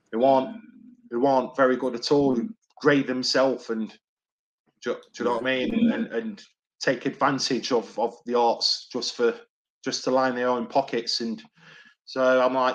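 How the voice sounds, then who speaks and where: A middle-aged man, a former doorman, telling stories to a podcast host in a rambling, repetitive way and swearing often. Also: mid-range voice. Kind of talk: casual storytelling.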